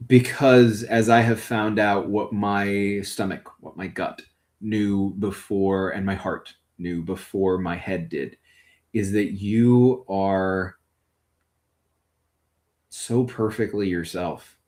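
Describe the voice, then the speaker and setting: A man's voice: on the low side, fairly even intonation, slow pace, darkish tone, voice pushed down. A man voicing a caring, blunt partner in a tabletop game, speaking earnestly and swearing often. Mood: tender. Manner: earnest, blunt and profane, tender. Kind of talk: tabletop role-play in character.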